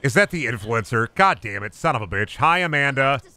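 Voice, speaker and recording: A young male streamer talks through his gameplay with sarcastic, profane jokes. His voice is bright and lively, rising and falling freely as he reacts. He sounds casual and quick to mock. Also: mid-range voice, a little hiss or hum. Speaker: game streamer. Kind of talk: live gameplay commentary.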